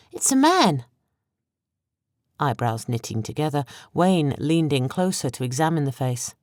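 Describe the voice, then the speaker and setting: Woman narrating an audiobook, low and dry. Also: no echo. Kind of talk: scripted narration.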